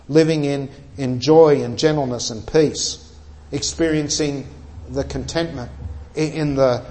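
In an earnest, emphatic sermon, a man preaches and slows down to stress the key words. His voice is medium in pitch with a somewhat dark tone.

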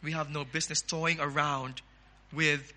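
A man with a Filipino accent preaching a sermon as pastor, emphatic, with sudden loud rises. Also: a little high, level tone, unhurried.

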